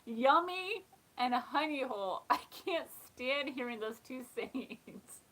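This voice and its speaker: A woman's voice: high voice, slow, fairly bright tone, rough recording. A woman hosting a casual live chat, talking in a chatty way, often laughing and reading comments aloud. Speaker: live stream host.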